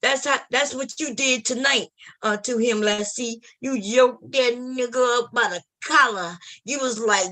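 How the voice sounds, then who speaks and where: A woman streaming late at night, telling a profane comic story and acting out scenes, often loud and animated, into a computer mic. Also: on the high side, a little slow. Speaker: comedy streamer.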